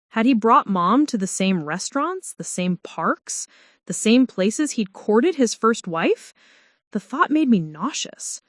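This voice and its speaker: A woman's voice: no room sound, studio quality. A woman narrating a first-person story in a tense, dramatic way. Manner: tense, dramatic, swinging pitch.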